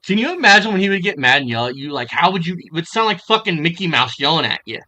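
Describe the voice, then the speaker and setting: A man's voice: a little high, big pitch swings, fast talker, bright, forceful tone. A man giving crude, mocking reaction commentary on a stream, often breaking into laughter. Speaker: stream reviewer.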